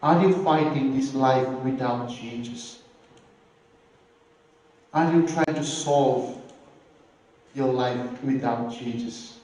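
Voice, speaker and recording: Slow echoey preacher man. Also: medium pitch, steady tone, a little mellow. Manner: slow, earnest preaching with repeated phrases and emphatic rises. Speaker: pastor. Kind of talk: sermon. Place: church hall. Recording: echoey church hall, voice from a distance.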